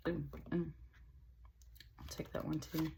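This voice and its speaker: A woman's voice: low-pitched, big pitch swings, slow pace, vocal fry, very noisy. A woman giving a casual tarot reading, chatty and rambling, with lots of fillers. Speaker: tarot reader.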